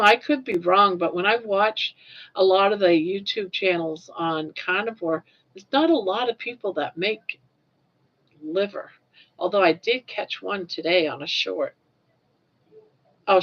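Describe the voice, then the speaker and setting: An older woman from Maine hosting a casual livestream chat, rambling along and repeating words as she goes. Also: lowish voice. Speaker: livestream host. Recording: dull lo-fi livestream audio.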